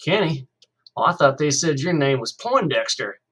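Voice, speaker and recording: A man's voice: fairly high pitch, sing-song, normal speed, fairly bright tone, husky, pitched above the performer's own voice, exaggerated voice. A man voicing a friendly, chatty new kid who talks with a country drawl. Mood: teasing. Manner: eager, drawling country talk.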